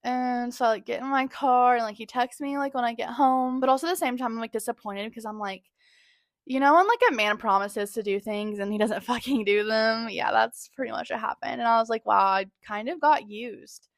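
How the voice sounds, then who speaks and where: A woman in her twenties hosts a podcast, telling dating stories in a casual monologue that's candid, profane and dramatic, with heavy use of "like." Her voice is on the high side and brisk, and the studio recording is clean with no room sound.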